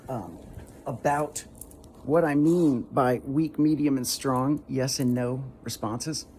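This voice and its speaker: A man's voice: medium pitch, darkish tone, a little hiss or hum. A man with a dry throat hosting a casual one-take tutorial video. He talks in a hesitant way, stopping and restarting as he explains things again. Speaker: video host.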